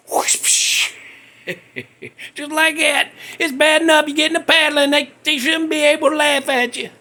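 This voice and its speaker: A man's voice: very high voice, pushed and bright. A middle-aged man hosting a podcast, telling a rambling, self-mocking story in a folksy way with loose grammar. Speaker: podcast host. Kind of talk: casual storytelling monologue.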